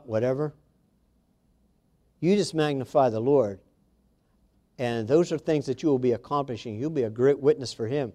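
A man's voice: mid-range voice, dark tone. A man preaching a sermon to a congregation, reading scripture aloud and speaking to his listeners directly with emphasis.

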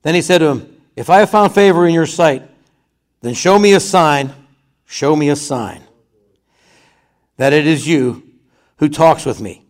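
A man's voice: fairly high pitch, a little slow, long pauses. A man preaching a conversational sermon, reading scripture aloud and then retelling it in his own words.

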